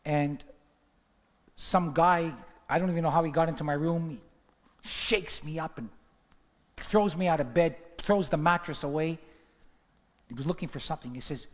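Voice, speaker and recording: A male preacher with a somewhat high voice delivers a testimony sermon, telling the story dramatically and rising into fervent exhortation. His voice rings out with a long hall reverb around it. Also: moderate pace, long pauses.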